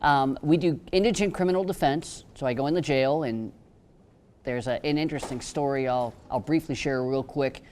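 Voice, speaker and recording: A man's voice: medium pitch, moderate pace, darkish tone, a little hiss or hum. A man speaking on a panel, telling wry stories and cracking jokes about his work. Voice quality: joking, storytelling. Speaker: panelist, attorney. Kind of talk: humorous panel talk.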